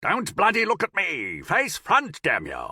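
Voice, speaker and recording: A man voicing an officious, genteel and pompous young male officer who bawls orders with a gravelly edge. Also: fairly high pitch, animated, normal speed, a bit bright, no echo, clean studio sound, voice pushed up. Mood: bawling.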